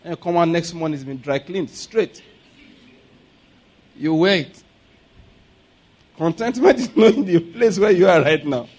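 High-voiced pastor preaching. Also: male voice, lively intonation, unhurried, pauses often, a little mellow. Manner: humorous, laughing asides, leads congregation in declarations. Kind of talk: sermon with call-and-response.

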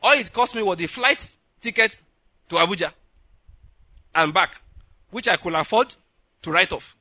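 A preacher from Nigeria tells a story from the pulpit, acting out each character's lines. His voice sits high and bright, and it swings widely in pitch. The sound is dry and close, with almost no room in it. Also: moderate pace, no room sound. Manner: animated storyteller, acts out dialogue, laughs often. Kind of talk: sermon storytelling.

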